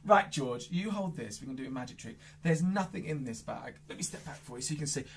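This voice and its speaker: A children's entertainer doing playful magic show patter, silly and exaggerated, jumping from loud squeals to hushed asides. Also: mid-range voice, lively intonation, fast, creaky, slight background noise.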